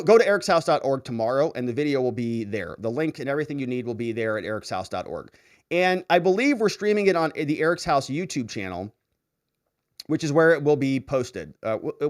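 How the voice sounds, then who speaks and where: A man hosting a livestream, casually reading viewer comments aloud and reacting with frequent laughter. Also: on the high side. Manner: animated, laughs often, reads comments aloud. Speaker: show host reading live chat.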